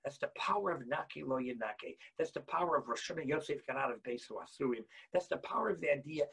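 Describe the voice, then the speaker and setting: A man teaching a Torah lesson as a rabbi, impassioned, swinging between quiet explanation and loud bursts. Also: medium pitch, animated, quick pace, husky, rough recording.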